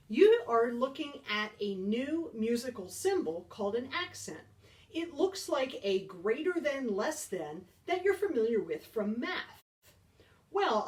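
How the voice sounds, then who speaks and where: Upbeat woman band teacher, fairly high voice, a little off-mic, encouraging beginners. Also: very animated, a little slow, recorded from a distance. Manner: upbeat, encouraging, counts beats aloud. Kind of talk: beginner percussion lesson.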